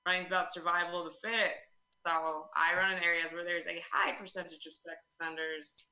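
A woman performing a stand-up comedy set, deadpan with chatty filler words. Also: on the low side, brisk, muffled recording. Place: club room with live audience. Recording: echoey room.

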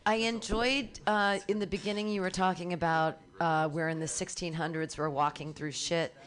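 A woman's voice: lowish voice, steady tone, moderate pace. A woman hosting a comedy workshop, giving a comic enthusiastic notes on her jokes and swearing freely. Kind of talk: casual feedback chat.

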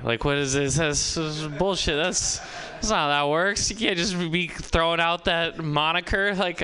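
A man's voice: a little high, moderate pace, few pauses, a crowd in the background. A man doing a rambling stand-up comedy set, interrupting himself and laughing at his own jokes. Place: comedy open mic with live audience.

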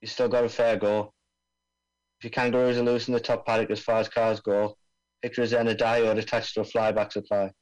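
A man's voice: lowish voice, flat delivery, fairly quick, a little mellow, lo-fi sound, natural voice. A man doing a put-on Australian accent, voicing a brash male bomb-disposal expert full of slang at an amateur table read over a video call. He is breezy and stumbles over the technical jargon.

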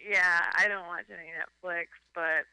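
Bright-voiced guy rambling on a radio chat, lots of "like", dry close sound. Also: high-pitched, normal speed, gravelly, smooth, dry recording, rough recording. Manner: animated, rambling, heavy use of "like". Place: at home in San Francisco.

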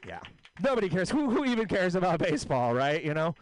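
Loose self-mocking comedian, high clear voice. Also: male voice, very animated, fast, dry recording, low-quality recording. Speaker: stand-up comedian. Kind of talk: stand-up at a radio open mic.

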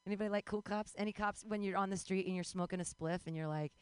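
A woman in her forties doing a rambling, self-deprecating stand-up comedy set, breaking into sudden high yelps and laughter. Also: level tone, very fast, hardly any pauses, a little mellow, clear, resonant tone, no echo. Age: 40s.

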